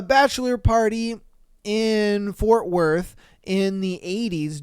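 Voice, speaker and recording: A podcast host casually reading listener comments aloud, with profane, animated slang and frequent laughter, close to the mic. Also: medium pitch, clean tone, dry recording.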